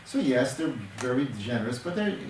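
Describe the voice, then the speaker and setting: A man's voice: medium pitch, very animated, brisk, background noise. Man, counselor, earnest teaching talk, repeats words for emphasis, distant mic, roomy echo.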